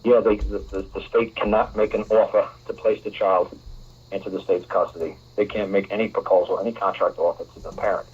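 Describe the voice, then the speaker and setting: A man's voice: fairly low pitch, flat delivery, brisk, a little mellow, breathy edge. A man hosting a talk radio show, lecturing a caller in an emphatic, repetitive way. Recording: muffled lo-fi radio broadcast.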